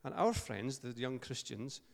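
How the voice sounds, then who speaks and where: A Scottish preacher tells stories in a loose, joking way, full of asides and restarts. His voice sits at a middle pitch. The sound rings with the long reverb of a hall. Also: animated, unhurried, vocal fry. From Scotland. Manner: chatty, joking asides, frequent fillers and restarts. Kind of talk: informal sermon with storytelling.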